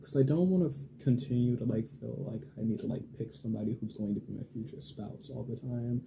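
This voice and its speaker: A man's voice: medium pitch, fairly quick, creaky, background noise. A young man telling a dating story in a casual vlog, rambling with lots of fillers and swearing, acting out his own and others' lines. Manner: rambling, heavy use of filler and swearing, animated quoted dialogue. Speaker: vlogger.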